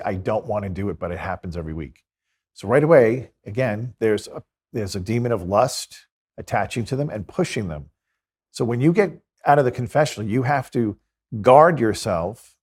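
Low-voiced priest telling stories. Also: male voice, darkish tone, slightly rough. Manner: earnest, tells stories with quoted dialogue. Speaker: Catholic priest and exorcist. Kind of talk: conversational interview storytelling.

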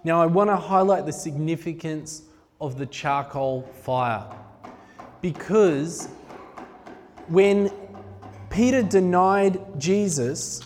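A man preaches in a loose, conversational way, joking with the room and then growing heartfelt and intense. His voice sits a little high for a man. It rings out with the long reverb of a large hall. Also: slow, long pauses, a little mellow, faint music behind. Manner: conversational, jokey, grows emotional and intense. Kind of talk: sermon.

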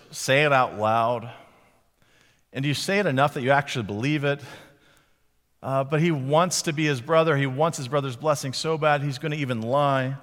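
A man's voice: mid-range voice, fairly bright tone. Man preaching in a reverberant hall. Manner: conversational, reflective, with filler words. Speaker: pastor. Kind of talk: sermon.

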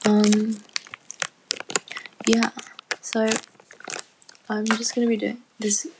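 A woman's voice: on the high side, completely flat delivery, extremely slow, background noise. A woman in casual rambling chat from home, giggly and full of fillers, often dropping to a near-whisper. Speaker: student podcaster.

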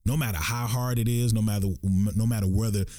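A man's voice: lowish voice, fairly even intonation, a little fast, warm tone, no room sound, clean studio sound, faint music behind. A man, co-hosting a podcast in casual chat and acting out quotes in put-on voices. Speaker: podcast co-host.

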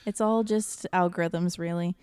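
A woman's voice: lowish voice, steady tone, normal speed, darkish tone, smooth, no echo. A woman co-hosting a podcast, chatting playfully with frequent giggles. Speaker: podcast co-host. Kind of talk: casual chat.

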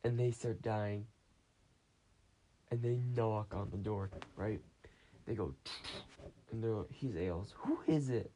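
This host's voice is on the low side and warm, with a steady tone; he takes it slowly and pauses often. Recording on a phone for a casual podcast, he meanders through a story with many restarts and acted quotes.

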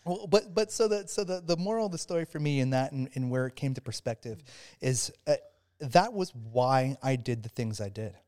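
A man, a former soldier, telling a story as a podcast guest, stumbling over restarts and warming into animated retelling. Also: mid-range voice. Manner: halting, many restarts, grows animated while telling a story. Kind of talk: casual storytelling interview.

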